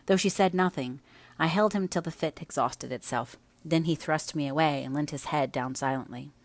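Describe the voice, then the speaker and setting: A woman narrating a classic novel as an audiobook reader, in measured storytelling. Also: deep voice, no echo.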